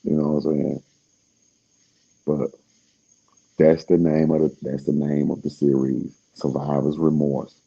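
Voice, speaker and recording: A man's voice: rumbling low, flat delivery, measured pace, creaky, pauses often, dark tone, breathy edge, lo-fi sound. A man talking in a casual, rambling monologue, laid-back and slangy, trailing off with fillers as he searches for words.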